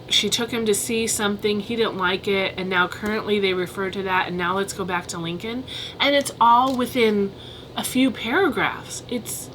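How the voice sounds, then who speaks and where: A woman with a mid-range voice talks through her reading in a relaxed vlog. She is chatty and candid, and she gives blunt opinions as she thinks aloud. A faint ambient hum sits behind her. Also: medium pitch. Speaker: book vlogger. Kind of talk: casual book review vlog.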